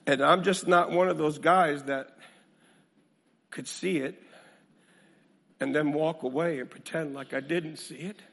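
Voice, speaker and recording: A male preacher delivering a sermon in a high, bright voice with a gravelly edge. He speaks slowly, drops low for his storytelling and climbs loud for emphasis, repeating phrases in a preaching rhythm. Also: steady tone, big-room sound. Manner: dramatic swings from hushed to booming; repetitive preaching cadence. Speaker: minister.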